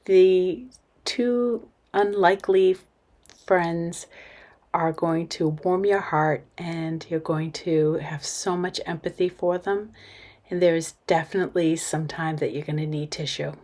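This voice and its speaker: A woman's voice: fairly low pitch, steady tone, takes it slowly, darkish tone. A woman teacher wrapping up a reading with a friendly recommendation, speaking directly to her students. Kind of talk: book recommendation.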